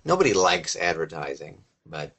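A man's voice: low voice, very animated, normal speed, creaky, sharp tone, husky. A man co-hosting a podcast in casual chat who cracks wry, dry jokes. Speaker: podcast co-host.

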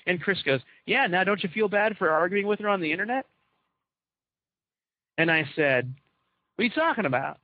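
Over a dull, lo-fi, dry recording, a man with a high voice and lively intonation tells his co-hosts a long anecdote at normal speed, pausing often. He acts out the quoted dialogue with animation during their casual chat.

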